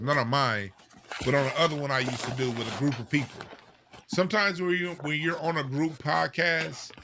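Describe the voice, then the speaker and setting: On a podcast, a man reacts to clips he plays, his voice high-ish and creaky with noise in the background. He's animated as he dissects the clips, saying things more than once to drive them home.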